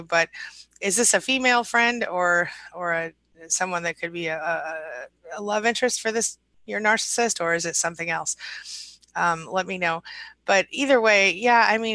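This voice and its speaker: A woman hosts a casual live stream, reading out viewer comments and greeting each person by name. Her voice is bright and forward, recorded close and dry with no room sound. She answers questions off the cuff in an easy, chatty way. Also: on the low side, no room sound, low-quality recording. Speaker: relationship recovery coach hosting a live stream.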